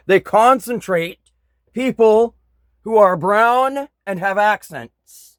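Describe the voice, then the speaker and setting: Slow-talking, angry man ranting. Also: high-pitched, fairly bright tone, no echo. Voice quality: blunt, frequent swearing, bitter. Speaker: vlogger. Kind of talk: angry political rant.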